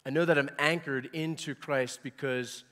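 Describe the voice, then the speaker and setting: A man in his forties preaching a sermon, emphatic, repeating words and rising loud on key points. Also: fairly high pitch, steady tone, moderate pace, big-room sound. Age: 40s. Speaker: pastor.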